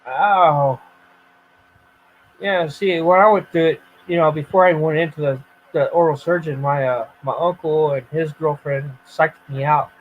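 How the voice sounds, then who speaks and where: A man hosting a casual voice chat stream, telling stories in an animated way and acting out the scenes with exclamations. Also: a little high, measured pace, narrow, tinny audio, slight background noise. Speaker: streamer host.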